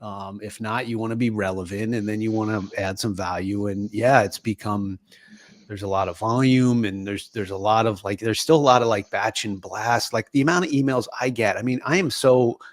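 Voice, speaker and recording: Middle-aged male podcast co-host, low voice, laughs easily, dry booth sound. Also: steady tone, normal speed, no echo. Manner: laughing storyteller. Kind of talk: casual chat.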